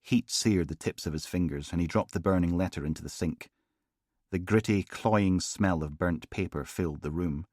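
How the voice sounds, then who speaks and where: A man narrating a crime audiobook in a measured, dry storytelling manner on a close mic. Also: deep voice, darkish tone, dry recording. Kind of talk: scripted narration.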